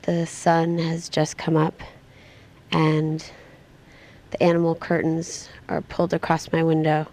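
A young woman recording a reflective audio diary in a hospital room, speaking quietly and matter-of-factly. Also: deep voice, monotone, a little slow. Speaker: patient keeping an audio diary.

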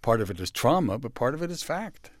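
A man from San Francisco, a guest in an interview, telling personal stories in a halting, reflective way and dropping softly when he quotes others. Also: medium pitch, very animated, no room sound, clean studio sound. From San Francisco, USA. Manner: halting with restarts, soft dramatic dips when quoting others.

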